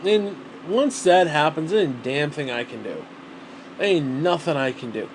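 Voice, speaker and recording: A man's voice: a little high, animated, normal speed, a little hiss or hum, low-quality recording. A man talking casually to the camera at home, rambling and swearing freely. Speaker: vlogger.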